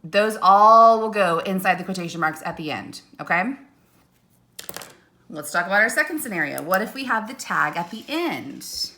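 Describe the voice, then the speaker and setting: A woman teacher explains a lesson to young students in a bright, clear voice. She goes slowly and patiently, checking in with "okay?" and "right?" after each step. She turns away at times to write on a board, so her voice moves off the mic. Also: medium pitch, expressive.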